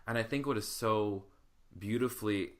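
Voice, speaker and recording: Man, podcast host, southern us accent, lowish voice, bright forceful tone, animated storytelling. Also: moderate pace. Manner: animated storyteller, preacher-style call and response. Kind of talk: casual chat.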